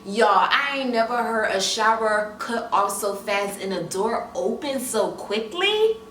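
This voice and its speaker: A young woman vlogging, telling a casual storytime in an animated way with asides straight to her viewers, in an echoey room away from the mic. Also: on the high side, unhurried. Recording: echoey room, mic at a distance, faint room noise.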